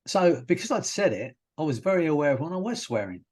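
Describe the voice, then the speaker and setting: A British hypnotherapist telling stories in a relaxed, rambling way, often restarting his sentences as a podcast guest. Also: a little high, fast, few pauses. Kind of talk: casual interview chat.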